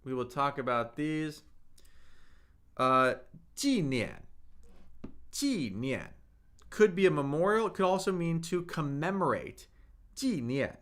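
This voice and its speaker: A man teaching Mandarin on a live stream, upbeat and talking to viewers in the chat while he repeats vocabulary. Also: on the high side. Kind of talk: live-streamed language lesson.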